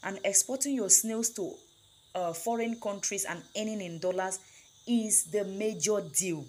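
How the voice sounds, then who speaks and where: A woman's voice: mid-range voice, measured pace, darkish tone, a little hiss or hum. A woman teaching snail farming, stressing key words and checking in with "right?" and "okay?". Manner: emphatic, repeats key words with tag questions. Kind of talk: instructional talk.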